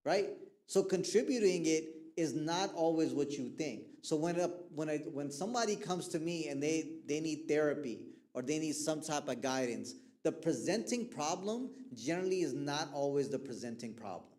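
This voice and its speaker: Casual, animated man counseling youth. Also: on the high side, normal speed. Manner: casual, keeps checking in with the listeners; animated storyteller who acts out quoted people. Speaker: mental health counselor speaking to youth. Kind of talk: conversational talk to a youth group.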